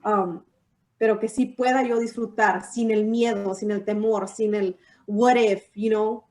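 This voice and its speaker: A woman's voice: medium pitch, fairly even intonation, normal speed, darkish tone. Woman recorded from a distance. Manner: heartfelt, mixes English and Spanish, many fillers. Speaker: podcast co-host. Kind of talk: personal storytelling in casual chat. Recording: roomy sound, mic at a distance.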